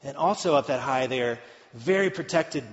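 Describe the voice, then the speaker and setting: A man preaching a sermon in a relaxed, conversational way, with joking asides to the congregation. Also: mid-range voice, normal speed. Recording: echoey hall, dull lo-fi sound.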